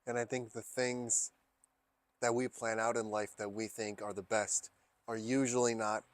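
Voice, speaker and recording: A man's voice: fairly low pitch, flat delivery, normal speed, no room sound. Guy interviewing someone, supportive, says that's beautiful a lot, dry close mic. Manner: encouraging, brief affirmations. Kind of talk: casual interview.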